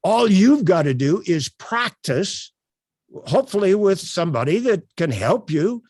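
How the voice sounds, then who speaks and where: An older man presenting a sales workshop over a video call, telling stories in an animated way with frequent fillers. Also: high voice, a little slow, no echo, clean studio sound. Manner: animated, projecting, storytelling with many fillers.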